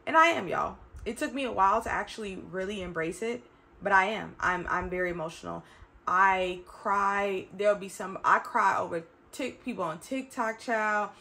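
A woman's voice: mid-range voice, moderate pace, gravelly, bright, forceful tone. A woman in her thirties talking to her viewers in a chatty, emphatic way, often calling them y'all. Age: 30s. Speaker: vlogger. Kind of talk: reflective casual talk to camera.

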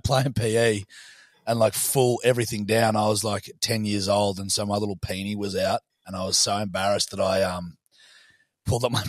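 A man's voice: on the low side, no echo, studio quality. A man co-hosting a podcast in casual chat, joking crudely and swearing a lot. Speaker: podcast co-host.

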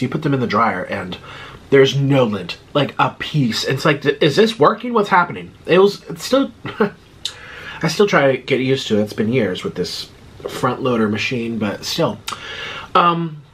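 A man's voice: medium pitch, animated, normal speed, a bit bright, slight background noise. A man in his thirties talking casually and breathlessly to camera, chatty and digressive with lots of fillers. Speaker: mukbang vlogger. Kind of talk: casual rambling monologue.

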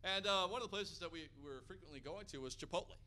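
A man from Hawaii preaching a sermon, an energetic, animated storyteller. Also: high voice, quick pace. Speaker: pastor.

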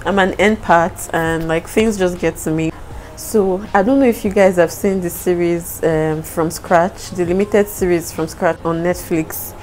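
A woman's voice: on the low side, fairly even intonation, a little slow, a little mellow, a little hiss or hum, poor audio. A young Nigerian woman with a Nigerian accent talking casually to the camera in a home vlog, openly emotional and apologetic. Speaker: vlogger.

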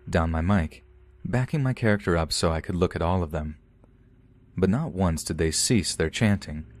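A man reading a first-person horror story as a podcast narrator, calm and measured. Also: sits low.

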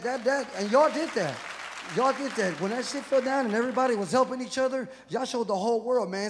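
The comedian is a high-voiced man from Houston, Texas, doing profane, animated stand-up and acting out voices. It's recorded at a live comedy venue with an audience, in an echoey hall full of crowd noise.

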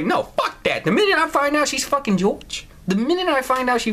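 Guy yelling and cursing through a let's play, voice swinging all over the place. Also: extremely high pitch, sing-song, brisk, few pauses, background noise. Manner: loud, swearing, incredulous, laughs a lot. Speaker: gaming channel host. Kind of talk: profane let's play commentary.

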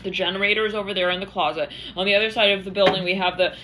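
A woman's voice: medium pitch, steady tone, racing, background noise. A woman giving a channeled tarot reading, rambling in a stream-of-consciousness way and acting out the voices she quotes. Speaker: tarot reader.

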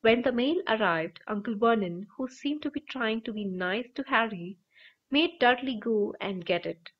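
A woman's voice: a little high, moderate pace, dull audio. Woman narrating an audiobook expressively. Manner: expressive, lively storytelling. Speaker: audiobook reader.

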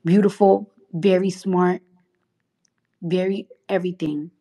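This livestreamer's voice sits on the low side, mellow and husky, with a steady tone and a slow delivery. She has a New York accent and talks bluntly and profanely in a casual stream, rambling heatedly with many restarts.

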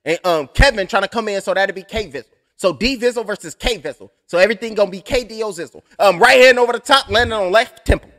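A man's voice: high voice, fast talker, hardly any pauses, fairly bright tone. A young adult man calling a fight blow by blow on a live stream, rambling and cursing with joking asides. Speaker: fight commentator.

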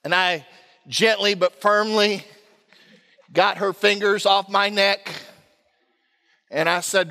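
Male pastor, animated storyteller, self-mocking sermon, ringing sanctuary sound. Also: high voice, slow pace, creaky, pauses often, long reverb tail.

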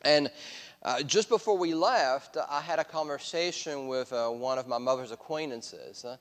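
A man's voice: mid-range voice, moderate pace. A man with a French accent, preaching as a guest speaker in a church in a friendly, self-deprecating way with frequent hesitations. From France. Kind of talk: sermon. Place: church sanctuary. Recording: church hall reverb.

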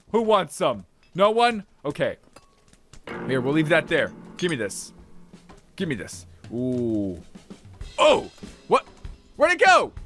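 A young man commentating his own game play, excitable, swearing and yelling at enemies. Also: on the high side. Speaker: gaming channel host.

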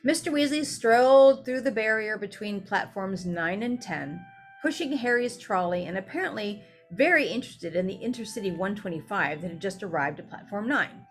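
A woman's voice: medium pitch, animated, moderate pace, faint music behind. A woman reading a novel aloud who breaks off now and then for casual, chatty asides. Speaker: reader.

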